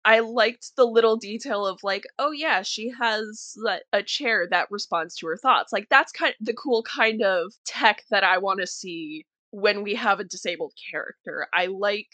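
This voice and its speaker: A woman hosting a podcast in casual chat, emphatic and animated as she tells stories. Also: medium pitch, normal speed, hardly any pauses, no room sound. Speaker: podcast host.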